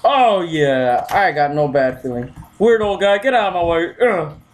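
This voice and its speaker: A gaming video host giving loose let's-play commentary, yelping, shouting and laughing while taunting the characters on screen. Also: medium pitch, measured pace. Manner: excitable, yelps and shouts, frequent laughs; talks to game characters, taunting.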